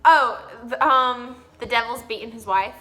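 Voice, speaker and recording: Young woman, high bright voice, giggly, acts out quotes in casual chat. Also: unhurried, faint music behind. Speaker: vlog co-host.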